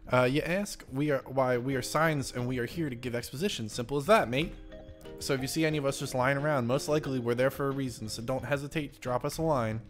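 A man's voice: medium pitch, fast, faint music behind, natural voice. A man voicing a chummy male talking sign in a game, folksy and matey. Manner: folksy, says "mate".

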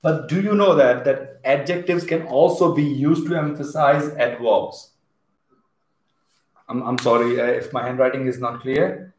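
A man's voice: mid-range voice, measured pace, a little mellow. A man with an Indian English accent teaching a live online English class, chatting and reading out viewers' comments as he goes. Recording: echoey room.

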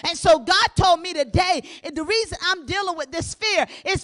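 High bright-voiced woman preaching fervently. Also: normal speed, hardly any pauses. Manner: fervent, shouting in bursts, then dropping to hushed talk. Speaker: pastor. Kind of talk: sermon.

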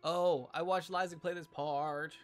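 A man's voice: a little high, steady tone, a little slow, soft background music. A young man streaming a video game, chatting casually in a crude, profane, rambling way between jokes and mutters. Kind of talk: casual gameplay commentary.

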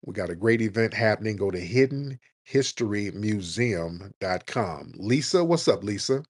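Brief: male talk-radio host, blunt and confrontational, lively delivery, dry booth sound. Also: on the low side, moderate pace, breathy edge, no echo. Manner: blunt, mocking, profane.

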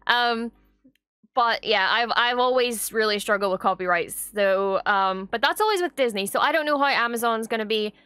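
A young Irish woman hosting a reaction video, chatting casually and gushing excitedly with frequent swearing. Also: fairly high pitch, moderate pace, clean tone, dry recording.

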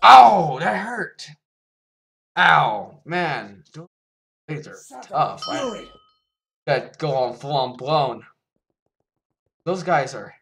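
Excitable man narrating a video game. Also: a little high, creaky, a little hiss or hum. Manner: excitable, repeats words in quick bursts; yelps and laughs when hit. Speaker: gaming YouTuber. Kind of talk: live gameplay commentary.

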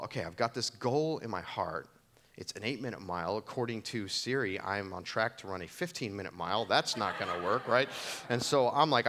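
A man's voice: mid-range voice, fairly bright tone. A man preaching a conversational, jokey sermon to a church congregation, acting out voices in his stories. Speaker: pastor.

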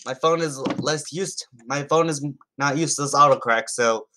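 A man's voice: medium pitch, normal speed, sharp tone. A man reading funny text messages aloud and commenting on them in a casual, amused way, often stumbling over his words and restarting. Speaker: YouTuber.

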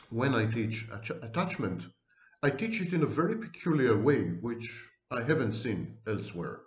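A man gives a psychology lecture straight to camera, mixing dry humor and theatrical asides into his explanations. He slows down to stress key words with deliberate weight. The recording sounds roomy and a little dull. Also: medium pitch. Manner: wry, theatrical asides, slow deliberate emphasis. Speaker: psychology professor.

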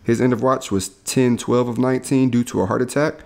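A man's voice: mid-range voice, steady tone, brisk, vocal fry, a little mellow. A young man co-hosting a podcast, telling stories in a laid-back way with laughs and casual slang. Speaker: podcast co-host. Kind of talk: casual chat.

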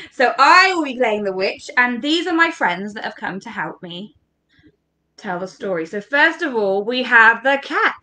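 A woman with a high, bright voice leads children through an interactive online storytelling session. She is upbeat and encouraging and keeps speaking directly to the young viewers at home. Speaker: children's workshop leader. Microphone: online livestream.

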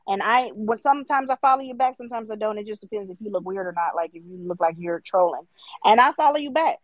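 A woman in her twenties, a guest on a live stream, argues her side of a heated debate emphatically and mockingly, occasionally imitating her critics. Her mid-range voice comes through muffled but without echo.

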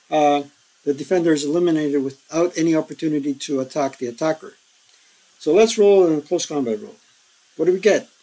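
A man with a slightly higher voice talks through game rules in a relaxed, step-by-step way. His speech is loose and unscripted, with plenty of ums and uhs as he goes, and it turns animated in bursts. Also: low-quality recording. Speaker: board game tutorial host. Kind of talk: casual rules explainer.

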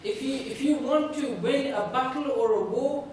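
A man's voice: very high-pitched, moderate pace, a little mellow. A man giving a conversational sermon, telling a story and often checking in with "right?", recorded from a distance in a university room. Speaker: religious speaker. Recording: echoey room from far off, faint noise.

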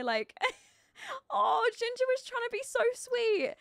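A woman's voice: very high voice, very animated, slow, gravelly, fairly bright tone. A young woman chatting casually while live-streaming a life-sim game, giggly and full of fillers as she greets viewers and reacts to the game. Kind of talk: casual gameplay commentary.

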